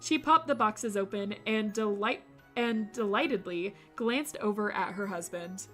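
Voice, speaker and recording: A woman streamer reading a visual novel aloud, breaking off for animated, jokey commentary. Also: medium pitch, unhurried, faint music behind. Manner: animated, jokey asides with laughter.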